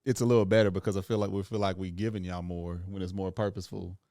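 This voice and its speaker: A man with a fairly low voice co-hosts a casual podcast, relaxed and joking, with slangy phrasing. The sound is dry and close to the mic. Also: quick pace, dry recording. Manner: laid-back, joking, slangy. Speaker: podcast co-host. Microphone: studio microphone.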